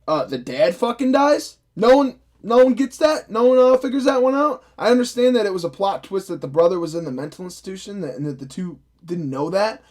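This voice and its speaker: A young man with a high-pitched voice rants through a film review, cursing freely. He sounds sarcastic and exasperated throughout, talking to the camera like a fed-up vlogger. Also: lively intonation, brisk, hardly any pauses, darkish tone. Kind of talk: ranting vlog review.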